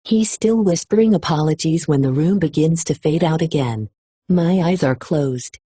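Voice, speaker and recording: A woman's voice: low voice, moderate pace, dark tone, husky, dry recording. A woman reading a first-person novel aloud in an emotional storytelling style. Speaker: audiobook reader. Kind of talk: expressive audiobook narration.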